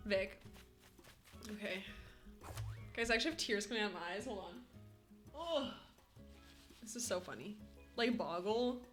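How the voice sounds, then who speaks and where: A woman's voice: mid-range voice, lively intonation, a little slow, pauses often, bright, forceful tone. A woman streamer chatting casually with her viewers and laughing a lot, often breaking into giggling fits. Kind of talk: casual live-stream chat. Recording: faint music behind.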